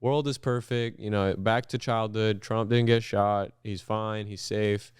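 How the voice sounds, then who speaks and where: A man co-hosting a podcast, chatting casually with a dry, teasing edge. His voice is smooth and clean, and the recording is close and dry with no room sound. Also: on the low side, flat delivery, a little slow, no room sound. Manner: dry, teasing, laid-back. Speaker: podcast co-host. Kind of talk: casual chat.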